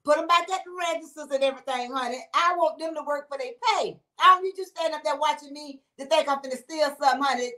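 A woman, chatting casually on a livestream and reading viewers' comments aloud. She talks in an animated way, laughs often and breaks into exclamations. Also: high voice, quick pace, hardly any pauses.

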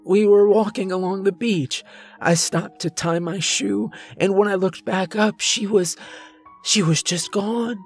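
A man's voice: high voice, steady tone, a little slow, husky, soft background music, voice pushed up, heavily acted. A man voicing a frantic, weeping old man of about eighty who pleads through tears. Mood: despairing. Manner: wailing, pleading, tearful.

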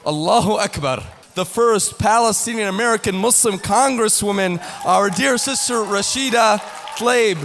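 A man's voice: sits high, normal speed, fairly bright tone. A man hosting a conference, formally introducing speakers from the stage. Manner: formal, welcoming. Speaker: conference emcee. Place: large conference hall. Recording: echoey hall with faint music.

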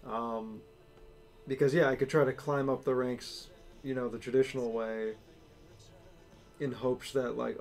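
A man's voice: mid-range voice, steady tone, measured pace, long pauses, darkish tone, faint music behind. A man chatting casually and rambling as he draws, with lots of fillers. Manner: rambling, filler-heavy, laid-back. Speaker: artist sketching on stream. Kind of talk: casual chat while drawing.

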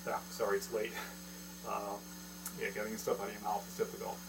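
A man's voice: fairly low pitch, little pitch movement, brisk, vocal fry, heavy background noise. A man teaching a drum lesson, explaining step by step, counting beats aloud and checking in with the viewer as he goes. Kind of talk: casual video drum lesson. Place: indoor room with electronic drum kit. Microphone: camera mic.

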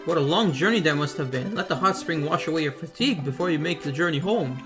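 A man voicing a calm elderly hot spring keeper creature who talks in a kindly, formal way. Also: fairly high pitch, quick pace, over music, close to an everyday voice.

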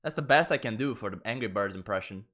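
A man's voice: lowish voice, fast talker, fairly bright tone. A man streaming a game in casual, profane commentary, laughing and getting sidetracked. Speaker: gaming streamer.

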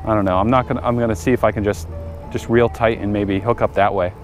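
A man's voice: lowish voice, fairly even intonation, quick pace, soft background music. A man talking casually to viewers while working on his car and fishing at a lake, chatty and easily frustrated. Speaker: fishing vlogger. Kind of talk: casual vlog narration. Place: outdoors by a lake.

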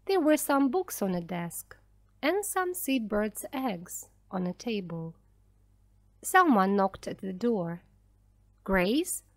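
A woman narrating an easy-English storybook in a slow, careful, clearly spoken way. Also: medium pitch, expressive, no room sound. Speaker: audiobook narrator. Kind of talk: scripted narration of an easy graded reader.

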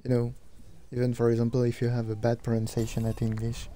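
A young man with a French accent, a native French speaker, chatting casually in English while streaming a game, halting and searching for words with many fillers. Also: mid-range voice, monotone, warm tone. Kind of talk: casual gameplay chat.

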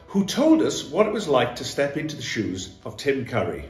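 A man opening an interview as host, upbeat and promotional, his pitch moving in a lively way. He sounds like he is in a roomy space, with guitar music clearly heard behind him. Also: moderate pace, hardly any pauses. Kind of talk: introduction to camera.

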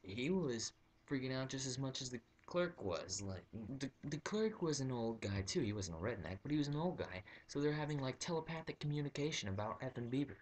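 A man's voice: medium pitch, animated, brisk, few pauses. A young man telling a comic story on his vlog, rambling with lots of fillers and restarts. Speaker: vlogger.

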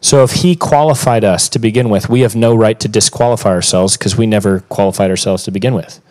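A man's voice: on the low side, quick pace, poor audio. A man preaching in a church, running through scripture references one after another and correcting himself now and then. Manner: cites scripture references in a steady run, with small self-corrections. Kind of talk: sermon.

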